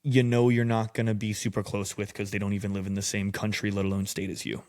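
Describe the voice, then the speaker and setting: Low-voiced man telling a wild story. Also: level tone, fast, a little mellow, no echo, studio quality. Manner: loose, swears a lot, acts out quotes. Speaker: podcast guest. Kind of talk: casual storytelling.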